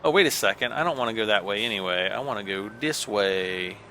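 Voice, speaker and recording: A middle-aged man from the States rambles through casual gameplay commentary. His voice is bright and forceful, and his pitch rises and falls a lot. He keeps poking fun at himself, with faint game noise underneath. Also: expressive, a little fast. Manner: rambling, self-deprecating, chuckles often. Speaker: gaming channel host.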